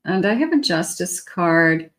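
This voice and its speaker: Middle-aged woman, low-pitched, rambling casual tarot reading with small laughs. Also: animated, measured pace, fairly bright tone. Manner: chatty, rambling with restarts and little laughs. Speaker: tarot reader.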